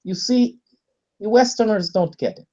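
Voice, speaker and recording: A man's voice: high voice, moderate pace, darkish tone, dull audio, pitched above the performer's own voice. A man voicing a lecturing, dismissive Russian with a put-on Russian accent.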